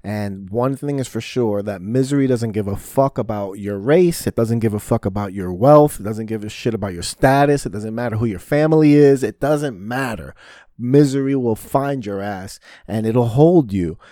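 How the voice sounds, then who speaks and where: A man's voice: on the low side, moderate pace, mellow, no echo, studio quality. A man hosting his own podcast in a casual solo rant, rambling and swearing often, with frequent fillers and restarts. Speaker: podcast host. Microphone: podcast mic.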